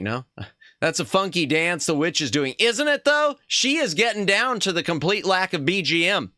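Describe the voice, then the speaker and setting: Man streaming a retro game, bright tone, lively pitch, playful and self-mocking. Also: normal speed, dry recording. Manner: playful, chatty, laughs at himself, reads game text aloud. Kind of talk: casual live-stream gaming chat.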